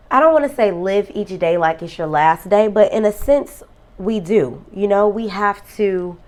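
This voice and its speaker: A woman vlogger talking earnestly about a friend's death, emotional and close to tears. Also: on the low side. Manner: emotional, tearful; reflective, earnest. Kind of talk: personal vlog talk.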